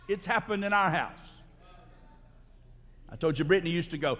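A pastor preaches to his congregation with a fairly high voice. He drives his points home with sudden loud, soaring emphasis. The sound carries a long reverb from the church hall around him. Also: moderate pace, pauses often. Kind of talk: sermon. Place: church sanctuary.

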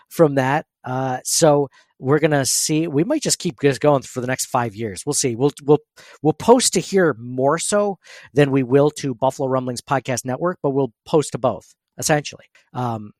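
A man hosts a casual sports podcast, rambling along with plenty of fillers and quick laughs. His voice sits fairly high for a man. The sound is close and dry, with no room around it. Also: dry recording. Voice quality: says he has an annoying voice. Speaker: podcast host.

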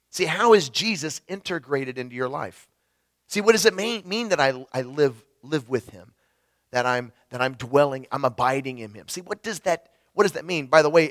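A middle-aged man preaching a chatty, humorous sermon, getting over a cold and clearing his throat now and then. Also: mid-range voice, fairly bright tone. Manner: humorous, chatty, often restarts, teases the congregation. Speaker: pastor. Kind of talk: casual conversational sermon.

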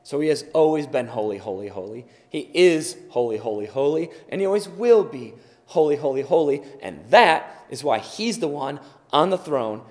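Male preacher, emphatic sermon delivery, higher-pitched voice, long reverb from a hall. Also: expressive, moderate pace. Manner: emphatic, repeats words for stress, swings between loud and soft.

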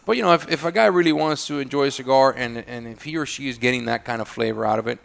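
A man chats as a podcast guest, telling lively stories and getting loud and laughing when he imitates people. His voice is bright and forward, with a gravelly fry running under it. He sounds relaxed, as if sitting on a studio couch. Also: mid-range voice, fast talker. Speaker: guest, cigar maker. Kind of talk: casual storytelling chat.

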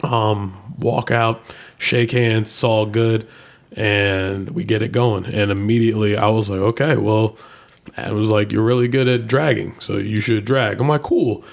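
Man, low gravelly voice, animated storyteller, casual chat. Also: a little slow. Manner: animated, jumps high when quoting people.

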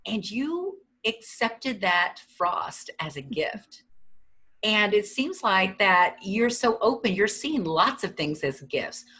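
A woman's voice: medium pitch, big pitch swings, slow, breathy edge. A woman hosting a podcast, asking encouraging questions and praising her guest. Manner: warm, encouraging, leading questions. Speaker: podcast host. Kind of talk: interview hosting.

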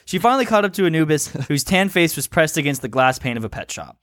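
Host reading out fan fiction with giggly stumbles, close and dry. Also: male voice, a little high, very animated, fast, a bit bright, no room sound. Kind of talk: read-aloud comedic narration.

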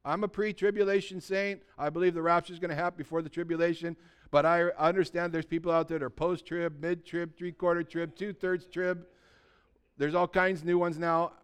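Older male pastor, sermon, high voice, smooth and resonant, animated, loud then hushed, rhetorical questions. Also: a little fast. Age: 60s. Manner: animated, shifts between loud emphasis and hushed quiet; conversational, asks the congregation rhetorical questions.

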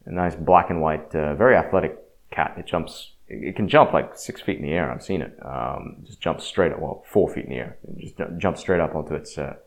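A man's voice: rumbling low, brisk. A man talking casually and frankly about faith and death, rambling with frequent restarts. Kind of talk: casual religious reflection.

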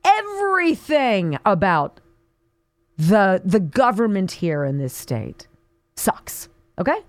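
A woman's voice: mid-range voice, big pitch swings, takes it slowly, no room sound. A woman hosting a talk radio show, talking in a fiery, indignant, sarcastic way as she reads listener notes and news. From Pennsylvania, US. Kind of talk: political talk radio monologue.

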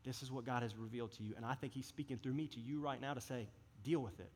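A man's voice: medium pitch, steady tone, fast talker, darkish tone, husky. A man preaching a sermon as a youth pastor, earnest and impassioned in a conversational way. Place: church service hall. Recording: reverberant hall.

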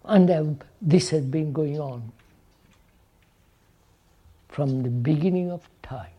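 A man's voice: fairly high pitch, slow pace, dark tone, husky, highs cut off. A man giving a reflective public talk to an audience, posing questions and repeating phrases, often checking with "right?". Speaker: speaker addressing an audience.

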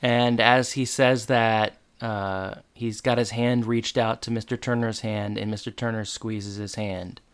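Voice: medium pitch, little pitch movement, unhurried, hardly any pauses, smooth. Chatty podcast co-host, lots of fillers. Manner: chatty, filler-heavy retelling with quoted lines. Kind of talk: casual chat.

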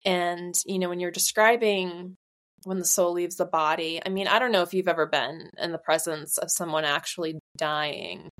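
A woman's voice: lowish voice, steady tone, normal speed, fairly bright tone. A woman in her forties co-hosting a podcast, talking in a rambling, reflective way with many fillers. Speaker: podcast co-host. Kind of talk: casual conversation.

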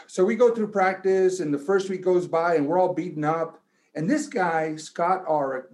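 A man who played college football gives a motivational pep talk that swells toward shouting and then tells a long story. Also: on the high side. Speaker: guest giving a pep talk.

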